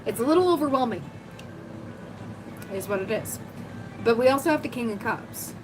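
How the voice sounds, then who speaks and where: A woman's voice: a little high, lively intonation, moderate pace, noisy background. A woman giving a livestream tarot reading, talking casually and thinking aloud with lots of fillers. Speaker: tarot reader. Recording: music playing under the voice.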